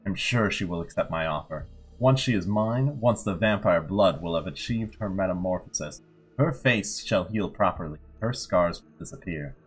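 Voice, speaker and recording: A man's voice: deep voice, expressive, moderate pace, slightly rough, voice pushed down. A man reading as an obsessive vampire diarist. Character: obsessive male vampire writing a diary. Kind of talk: reading a diary aloud.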